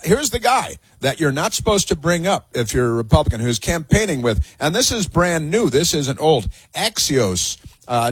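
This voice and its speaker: A man's voice: a little high, breathy edge, no echo. A man hosting a talk radio show, delivering a sarcastic, mocking monologue that rambles with many fillers and restarts.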